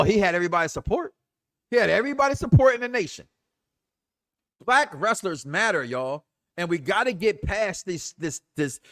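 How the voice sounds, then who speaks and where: A man hosting a wrestling talk show, giving an impassioned commentary rant that is emphatic and full of repetition. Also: high voice. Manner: animated, emphatic, repeats himself.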